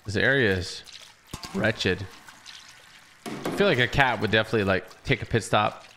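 Excitable young man commentating gameplay. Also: fairly low pitch, moderate pace, noisy background. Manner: excitable, slangy, reacts aloud. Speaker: gaming channel host.

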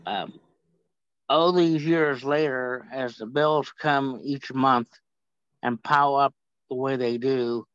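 Casting: male poet, slow deliberate delivery, dry dull online-call sound. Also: mid-range voice, fairly even intonation, fairly bright tone, clear, resonant tone, dry recording. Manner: wry, rambling asides. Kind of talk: poetry reading. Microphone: video call.

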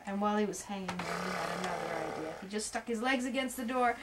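A woman improvising a story for a young child at home, animated, with playful sound effects and soft asides. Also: medium pitch, fast, heavy background noise.

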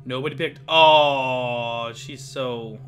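A man's voice: medium pitch, fairly even intonation, slow, fairly bright tone. A man giving chatty let's play commentary, reacting aloud as he plays. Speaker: gamer.

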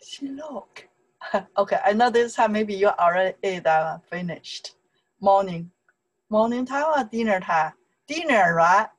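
A Chinese woman with a Chinese accent gives a casual online lesson in chatty, broken English, repeating words slowly so learners can follow. Her mid-range voice is expressive, though the recording quality is low.

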